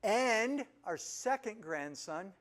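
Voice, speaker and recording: A man's voice: sits high, lively intonation, takes it slowly, fairly bright tone. A man in his fifties, casually telling humorous family stories to a group and asking them questions. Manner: humorous, asks the audience questions. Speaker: speaker introducing himself to a group. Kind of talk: casual storytelling talk.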